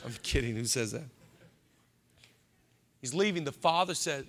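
A man preaching a lively sermon as pastor, joking with the crowd, acting out the people in his story and building to shouted climaxes. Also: on the high side, normal speed, pauses often. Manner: animated, joking, acts out quoted characters, builds to shouted climaxes. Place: church hall, live congregation.

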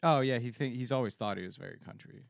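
Podcast co-host, man from Pennsylvania, playful, questioning, mid-pitched, dry sound. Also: fast talker, vocal fry, no room sound. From Pennsylvania, USA. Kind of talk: casual podcast chat.

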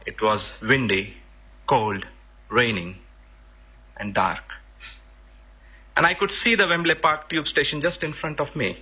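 A man's voice: mid-range voice, bright, forceful tone, slightly rough. A man from India, earnestly telling a personal story and sometimes searching for words.

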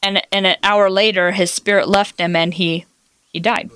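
A woman's voice: mid-range voice, fairly even intonation, normal speed, a bit bright, clean tone, dry recording. A woman preaching a sermon, telling personal stories and quoting scripture in an earnest way. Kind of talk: sermon teaching.

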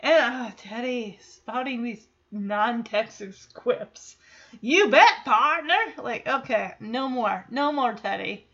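A high-voiced young woman from Michigan talks casually about an episode, laughing often and slipping into the characters' lines. The recording sounds dull and a little lo-fi. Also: slow pace, few pauses. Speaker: show reaction vlogger.

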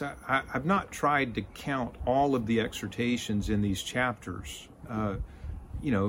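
A man's voice: medium pitch, a little hiss or hum. A man from Texas, giving an earnest sermon and often stumbling over the starts of words. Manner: halting, repeats word starts, earnest. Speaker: lay preacher.

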